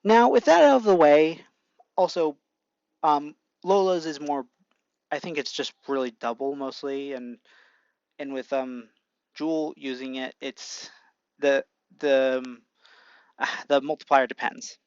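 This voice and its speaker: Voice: medium pitch, measured pace, long pauses, darkish tone. An amateur narrator reads their own fan fiction in a rambling way, restarting sentences often. The sound is dull and lo-fi from a home mic. The room is dry, with no echo. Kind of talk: casual fan-fiction reading.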